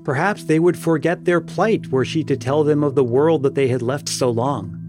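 A man's voice: a little high, moderate pace, music in the background, natural voice. A man voicing an anguished old village priest. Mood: troubled. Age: older.

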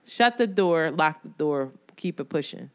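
A woman co-hosting a podcast in casual chat, an animated storyteller who swears freely and laughs often. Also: deep voice, measured pace. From New York. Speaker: podcast co-host.

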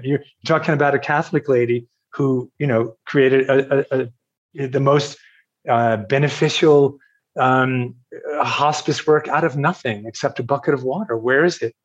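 A man's voice: medium pitch, normal speed, lo-fi sound. An older man from Virginia, a podcast guest telling a story in a rambling, self-deprecating way, with restarts and chuckles. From Virginia, USA. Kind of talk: storytelling in an interview.

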